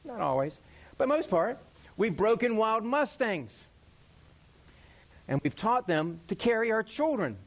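Preaching with a distinctly high-pitched voice, a middle-aged pastor keeps things lively and conversational. He briefly performs different voices and pokes fun at himself throughout the sermon.

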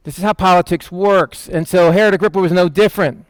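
A man preaching in a conversational style, asking the listeners questions and acting out quotes in quick voices. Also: high-pitched, fairly even intonation, dry recording. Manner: asks the listeners questions and answers them. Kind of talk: conversational Bible teaching.

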